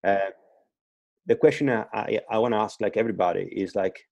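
Low, mellow man on a remote call. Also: steady tone, a little fast, creaky, no room sound. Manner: hesitant, many restarts and repeated words. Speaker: guest fitness coach. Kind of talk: casual podcast interview. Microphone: remote call, line breaking up.

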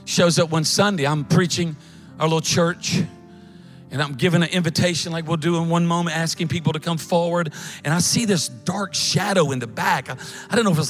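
A middle-aged pastor with a drawl preaches from a church stage, his voice sitting notably high for a man. He tells his story in a folksy, animated way, tossing in quick asides, while soft music plays faintly underneath. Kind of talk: sermon storytelling.

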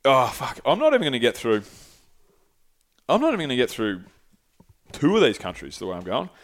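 Brief: young guy, lively storyteller, loose and profane, podcast host. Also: mid-range voice, brisk. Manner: animated, swears freely, acts out quoted voices. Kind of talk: casual storytelling.

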